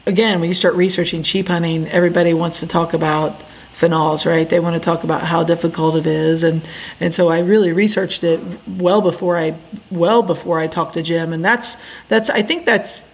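A middle-aged woman from Indiana, a podcast guest, telling her story in a casual, animated way and acting out the quotes. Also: on the low side, fairly quick, slightly rough. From Indiana, USA.

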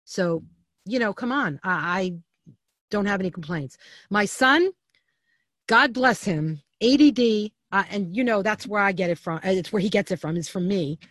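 A middle-aged woman recounting family stories as a podcast guest, her voice sitting at a middle pitch. She talks in an animated, candid way, with restarts and asides. The sound is close and dry. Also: moderate pace, dry recording. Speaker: interview guest. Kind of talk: storytelling in a podcast interview.

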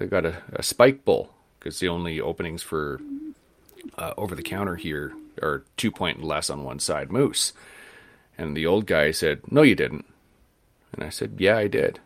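A man's voice: low voice, fairly bright tone, no echo. A man, co-hosting a podcast interview, telling a story and acting out the voices of the people in it. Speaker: podcast co-host.

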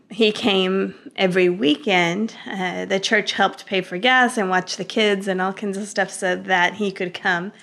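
A woman's voice: on the low side, creaky, a bit bright. Earnest woman telling her story. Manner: earnest, heartfelt recounting. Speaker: interview guest. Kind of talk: personal storytelling in an interview.

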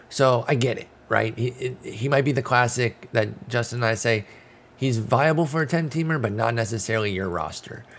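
Rambling man with a lowish voice. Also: fairly bright tone. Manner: rambling, self-correcting, frequent fillers; reads stats aloud. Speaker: fantasy baseball podcast host. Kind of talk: casual analytical chat.

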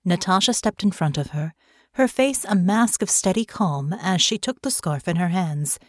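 Narrating a fantasy audiobook from a script, a woman keeps an even, measured storytelling pace. Her voice is on the low side, and the studio-quality recording has no room sound.

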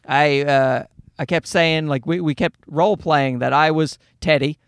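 A man's voice: a little high, fairly even intonation, measured pace, clean tone, no echo. A man, telling a personal story in a heated, casual ranting way. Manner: heated, ranting, quotes others in his own voice.

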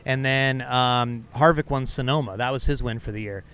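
A man's voice: mid-range voice, normal speed, a bit bright, smooth. A man reporting on motorsport, interviewing with a dry, teasing, mock-serious manner in a casual podcast chat. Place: outdoors at a racetrack.

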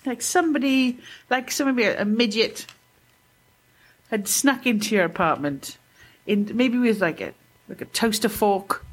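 A British woman co-hosting a podcast, sarcastic and animated, laughing often. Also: mid-range voice. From Britain. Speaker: podcast co-host. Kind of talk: casual banter.

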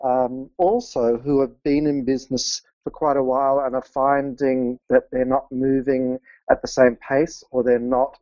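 A man's voice: medium pitch, little pitch movement, unhurried, few pauses, mellow, dry recording, highs cut off. Earnest middle-aged man, dry sound. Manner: earnest, laughs often, openly emotional. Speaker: podcast guest, business mentor. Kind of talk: conversational interview.

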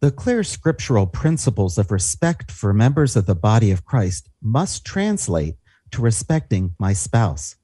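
A man co-hosting a Christian teaching show, reading scripture in a calm, measured way. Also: fairly low pitch, slightly rough, no room sound, studio quality. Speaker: Christian radio co-host.

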